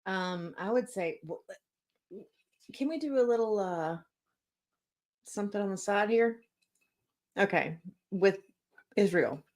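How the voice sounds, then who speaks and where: A woman co-hosting a money show, chiming in quietly and playfully from a bit farther from the microphone. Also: mid-range voice, animated, takes it slowly, long pauses. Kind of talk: casual studio chat.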